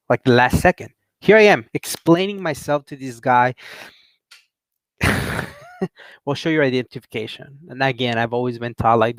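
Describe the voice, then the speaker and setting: A young man rambles through a personal story in a relaxed, unscripted way. He laughs often and gets animated when quoting other people. His voice sits at an ordinary middle pitch, recorded dry and close. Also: no echo. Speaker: channel host. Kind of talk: casual storytelling rant.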